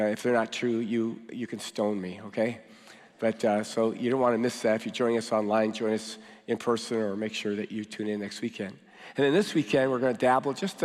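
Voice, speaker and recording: A man with a cold, his voice deeper than usual, giving a sermon as pastor to his church with casual joking asides. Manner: joking, conversational preaching with fillers. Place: large church hall. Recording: long hall reverb.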